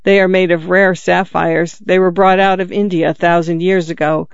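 A man voicing a gentle, sorrowful statue prince who pleads tenderly in a storybook reading. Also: high-pitched, level tone, normal speed, vocal fry, smooth, no echo. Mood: pleading. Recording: dull lo-fi, dry.

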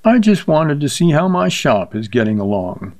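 A man's voice: medium pitch, expressive, moderate pace, darkish tone, dry recording, voice pushed up, natural voice. A man voicing an insolent, condescending banker who mocks and threatens in a slightly raised voice. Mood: mocking. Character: smug fat banker, mocking and threatening.

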